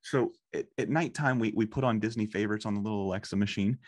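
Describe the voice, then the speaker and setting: A man in his thirties hosting a podcast, telling stories in a casual, profane, animated way. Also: fairly low pitch, fast, dry recording, clean studio sound. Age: 30s. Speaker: podcast host. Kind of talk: casual chat.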